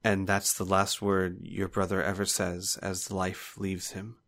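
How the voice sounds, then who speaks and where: A man narrating a tabletop game as game master, halting now and then with fillers. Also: sits low, monotone, creaky, fairly bright tone.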